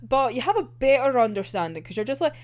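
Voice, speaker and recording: A young woman chatting through an anime episode in a loose, giggly ramble full of fillers and swearing. Her voice is fairly high and very animated, bouncing up and down as she talks. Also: fast. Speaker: anime reviewer. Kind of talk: casual episode discussion.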